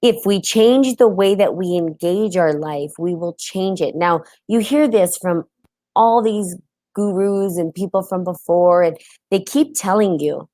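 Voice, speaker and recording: Chatty woman host with a low voice. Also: measured pace, mellow, no echo. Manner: chatty, often adds "right?" and greets viewers mid-talk. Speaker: host of a live-streamed spiritual talk show. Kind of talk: casual live-stream talk.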